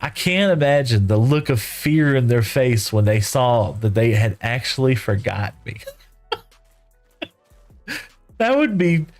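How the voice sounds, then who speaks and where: A man's voice: medium pitch, big pitch swings, moderate pace, few pauses, faint music behind. A middle-aged man from West Texas, telling a long rambling story in a folksy, casual way while streaming, full of "you know" and "right?".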